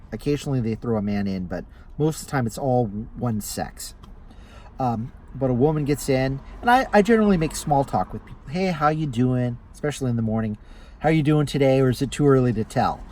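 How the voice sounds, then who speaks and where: A man who drives for a ride-hail service, telling stories to camera in a casual way and jumping into higher voices when he acts out his passengers. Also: a little mellow, slight background noise, rough recording. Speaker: rideshare driver and vlogger. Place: inside a car.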